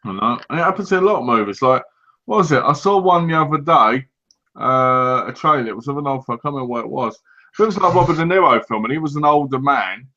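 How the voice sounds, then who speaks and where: A man's voice: mid-range voice, lively intonation, fast talker, bright, forceful tone, highs cut off. Rambling, laughing male co-host. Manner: rambling, laughs often, restarts sentences. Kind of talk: casual livestream chat.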